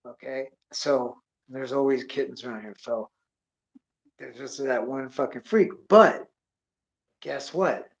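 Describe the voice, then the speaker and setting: A man telling rambling stories in a casual rant, swearing constantly and sliding between mutters and loud bursts. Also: mid-range voice, slow, vocal fry. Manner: drops to a mutter, then rises in bursts. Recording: dull lo-fi recording.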